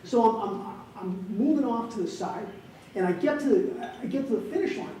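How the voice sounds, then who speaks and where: A man in his fifties from Wisconsin gives a keynote speech as an animated storyteller with comic timing. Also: sits high, brisk. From Wisconsin, USA. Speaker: keynote speaker. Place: large hall, on stage. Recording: echoey hall, distant mic, faint noise.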